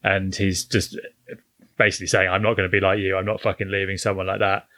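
Bloke with a really low voice going over a film plot, dry close mic. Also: male voice, flat delivery, fast, a bit bright, dry recording. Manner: retells scenes, swears casually. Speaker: podcast co-host. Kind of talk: casual film review chat.

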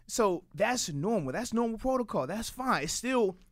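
A man co-hosting a casual sports show, a former player who walks through football strategy with animated energy. His voice sits a bit high for a man. The sound is close and dry, with no room around it. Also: normal speed, no room sound. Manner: animated, explains plays.

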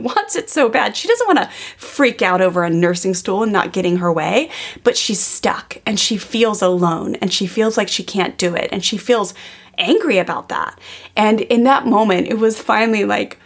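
Earnest woman with a gravelly edge. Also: fairly high pitch, lively intonation, normal speed. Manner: earnest, casual, peppered with "like". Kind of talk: personal storytelling.

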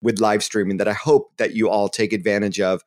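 A man's voice: on the low side, flat delivery, fairly quick, a little mellow. Earnest male guest giving advice. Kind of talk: interview answers.

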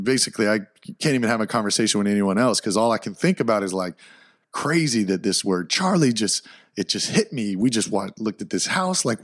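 A young man hosting a podcast, telling a story in an excitable, slangy way with sudden loud outbursts. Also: on the low side. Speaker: podcast host. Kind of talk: casual solo podcast storytelling.

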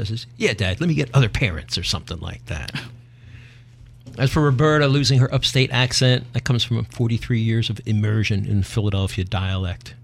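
A man with a fairly low, creaky voice hosts a talk show, trading casual banter in a folksy, opinionated, half-joking manner.

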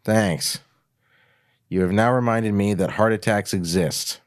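Brief: a man doing a dry bookish teen boy, low, deadpan, close dry mic. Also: unhurried, no room sound, close to an everyday voice. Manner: deadpan, sarcastic.

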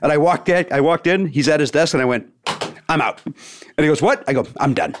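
A man's voice: fairly high pitch, a little fast, slight background noise. A man in his fifties, a stand-up comedian, casually telling a story and acting out the people in it. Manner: animated, acts out quoted dialogue.

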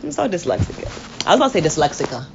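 Animated trash-talking woman, lo-fi recording. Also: on the low side, fast, vocal fry. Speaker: podcast co-host. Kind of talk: casual sports chat. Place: late-night home podcast recording. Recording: dull lo-fi recording with faint background noise.

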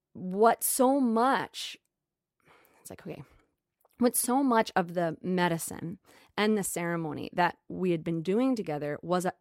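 A woman talking in an earnest, emotional way about her spiritual growth. She often repeats phrases and goes soft and slow. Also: lowish voice, no echo, studio quality. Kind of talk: reflective spiritual monologue.

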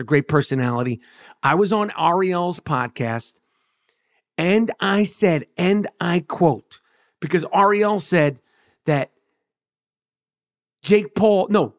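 A middle-aged man is ranting into the mic as a podcast host. He talks slowly, hammering his points with swearing and repeated phrases. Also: high-pitched, expressive. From New York. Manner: profane, emphatic, repetitive. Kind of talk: solo podcast rant.

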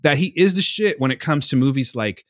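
A man co-hosting a podcast banters casually, profane and teasing, and laughs often. His medium-pitched voice is lively, fairly quick, and a bit bright, in a dry, clean studio recording.

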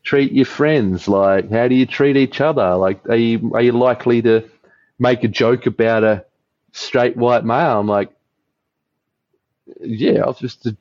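A man's voice: mid-range voice, a little slow, darkish tone, no room sound, highs cut off. A man with an Australian accent, a podcast guest chatting casually over beers, rambling, swearing freely and laughing a lot.

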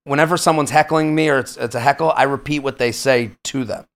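A man in his thirties, a stand-up comedian as a podcast guest, telling animated stories about hecklers with sudden loud bursts. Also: medium pitch, fast talker. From United States. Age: 30s. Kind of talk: podcast interview storytelling.

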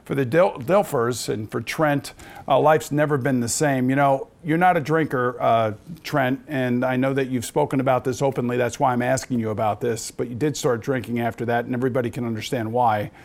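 Male podcast host, measured and earnest, interview delivery. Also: mid-range voice, steady tone, creaky.

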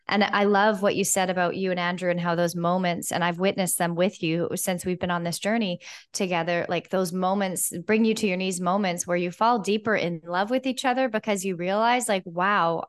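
A woman's voice: fairly low pitch, clean tone. A woman co-hosting a podcast about love and relationships, telling a personal story in a candid, emotional way with casual swearing. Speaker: podcast co-host. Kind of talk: casual chat.

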